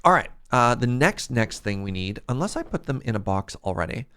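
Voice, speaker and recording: A man's voice: medium pitch, big pitch swings, fairly quick, fairly bright tone, clear, resonant tone. A man streaming a building game, chatting casually and thinking aloud as he builds. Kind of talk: casual livestream chat while playing.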